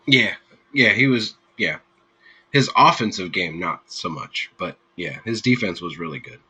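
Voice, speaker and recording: A man's voice: low voice, expressive, unhurried, bright, forceful tone, breathy edge, low-quality recording. A man hosting a live stream, chatting casually with his viewers in an easygoing, rambling way and laughing freely. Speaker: streamer host.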